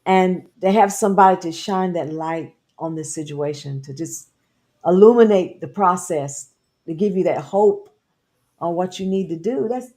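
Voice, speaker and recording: A woman's voice: lowish voice, moderate pace, dark tone. A woman co-hosting a live talk show, speaking in an encouraging, affirming way with a preacher-like cadence. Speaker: co-host. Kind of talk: casual chat on a live show.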